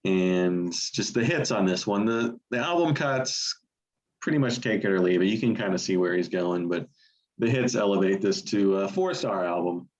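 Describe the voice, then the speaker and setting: Lower-pitched guy gushing about an album, kinda muffled lo-fi sound. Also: lively intonation, moderate pace. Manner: enthusiastic, explanatory. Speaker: podcast co-host. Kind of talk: casual music review chat.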